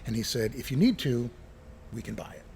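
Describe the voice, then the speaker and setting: A middle-aged man, a retired air traffic controller and pilot, telling lively stories as an interview guest and acting out what people said, recorded in an old airport building by a runway. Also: mid-range voice, a little fast, gravelly. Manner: animated, acts out quoted dialogue. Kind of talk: casual interview storytelling. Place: former airport terminal building near a runway.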